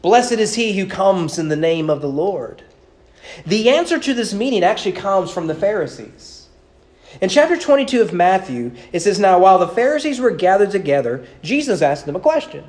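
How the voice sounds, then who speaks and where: A male pastor preaching a sermon in church, animated, with rhetorical questions and repeated words. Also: sits high, moderate pace. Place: church sanctuary.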